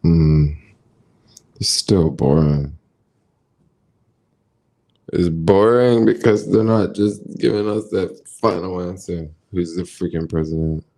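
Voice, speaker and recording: A man's voice: low voice, slow pace, long pauses, warm tone. An American man chatting casually on a livestream, laid-back and slangy, thinking aloud as he answers viewers' comments. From United States. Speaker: vlogger reading viewer comments.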